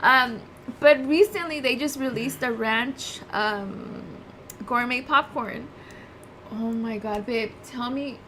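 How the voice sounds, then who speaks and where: A bubbly woman co-hosting a casual livestream, chatting with viewers and her partner. Her voice sits high and bright in pitch, and she laughs easily. There's a faint hum of room ambience behind her. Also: takes it slowly. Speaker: co-host of a livestream.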